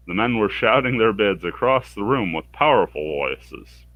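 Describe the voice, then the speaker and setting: A man's voice: big pitch swings, moderate pace, hardly any pauses, narrow, tinny audio. A man streaming a game, reading its dialogue aloud with wry, sarcastic commentary. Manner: wry and sarcastic, bursts into higher pitch for characters' lines. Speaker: let's play streamer.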